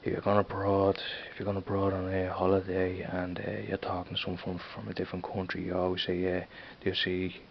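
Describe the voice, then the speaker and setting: A young Dublin man talks loosely to the camera, with a deep, flat, gravelly voice. He rambles and repeats words as he goes. The recording is dull and lo-fi, with a faint hiss behind him. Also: a little fast, few pauses. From Ireland. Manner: rambling, repeats words, frequent "you know what I mean". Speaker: vlogger. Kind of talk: casual accent-tag vlog.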